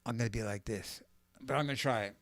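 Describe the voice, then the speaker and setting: Hosting a live stream, a male guitarist rambles casually to viewers, thinks out loud and pokes fun at himself over loud guitar in the background. He speaks quickly at a medium pitch, with no room sound.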